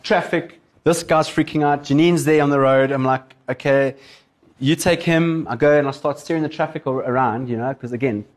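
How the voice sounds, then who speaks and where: A man, a pastor preaching in a casual, chatty way, telling stories and laughing along. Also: medium pitch. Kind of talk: sermon storytelling.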